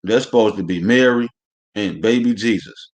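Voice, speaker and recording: Speaking at a moderate pace in a fairly low voice, a man teaches a scripture class over a live stream. He reads passages aloud, then gives preachy, blunt remarks full of swearing and the word "man," which he uses all the time.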